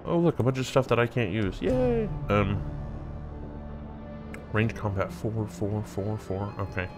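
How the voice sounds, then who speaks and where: A man's voice: fairly low pitch, unhurried, music in the background. A man hosting a let's play, thinking aloud and reading game text as he plays. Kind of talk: casual gameplay commentary.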